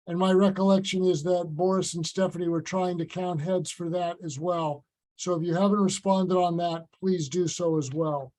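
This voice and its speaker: Man, meeting chair, high-pitched, measured and halting, video-call audio. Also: steady tone, a little mellow, rough recording. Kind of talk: virtual meeting remarks.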